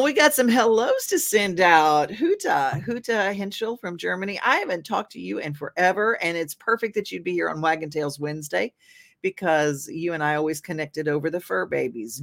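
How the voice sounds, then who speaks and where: A woman's voice: deep voice, gravelly, a bit bright. A woman hosting a local talk show, chatting enthusiastically about events and sending hellos. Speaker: host. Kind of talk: casual chat.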